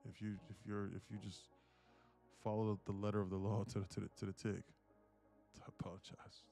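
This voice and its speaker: A man with a low, gravelly voice runs a live trading stream in a loose, chatty way. He laughs easily and stumbles over repeated words as he thinks aloud. Faint music plays underneath. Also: flat delivery, fast talker, mellow. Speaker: day-trading livestream host. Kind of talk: casual live-stream chat.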